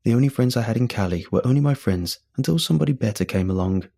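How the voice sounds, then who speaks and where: A man's voice: mid-range voice, lively intonation, fast talker, vocal fry, mellow. A man voicing a laid-back young man with a slurred Southern California drawl, sheepish and mumbling. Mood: earnest.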